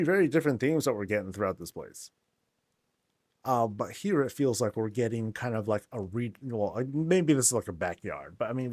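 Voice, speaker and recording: A man's voice: lowish voice, no echo. A man hosting a casual game tour, laid-back and joking, with lots of slang. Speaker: game channel host.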